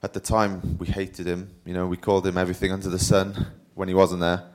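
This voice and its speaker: A man's voice: low-pitched, little pitch movement, a little fast, a little mellow. A young man, a pro cyclist, telling stories in a rambling, self-deprecating way as a guest at a live talk. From Wales. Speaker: interview guest, professional cyclist. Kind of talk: casual storytelling at a live talk.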